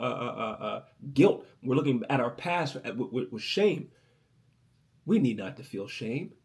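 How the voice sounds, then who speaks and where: A man gives an inspirational talk in the manner of a sermon. He builds to loud, raised passages and then drops to a soft, near-whispered voice for personal stories. His pitch sits in the middle range. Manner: swings from loud preaching to soft, hushed storytelling. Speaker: motivational podcast host.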